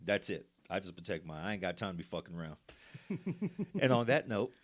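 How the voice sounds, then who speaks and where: A man co-hosting a casual podcast, telling profane stories and bursting into loud, yelling impressions. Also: deep voice, big pitch swings, a little fast. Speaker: podcast co-host. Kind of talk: casual storytelling chat.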